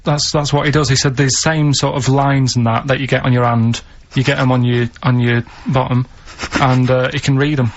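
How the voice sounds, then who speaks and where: A man telling odd stories on a radio talk show, deadpan and halting, with lots of pauses and restarts. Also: mid-range voice, slight background noise. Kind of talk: casual radio banter. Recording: muffled radio broadcast recording.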